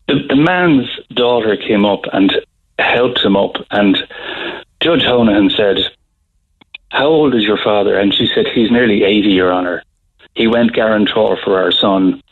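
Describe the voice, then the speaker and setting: A middle-aged Irish man telling a story in a radio interview, halting, with many restarts. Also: fairly low pitch, husky. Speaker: guest author. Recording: phone-line audio.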